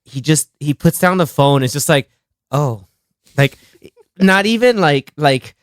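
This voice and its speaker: On his laid-back podcast, a young male host animatedly recounts movie scenes, performing the quoted lines in voices and laughing a lot. He speaks at an unhurried pace with a fairly high pitch, captured in clean studio sound without echo.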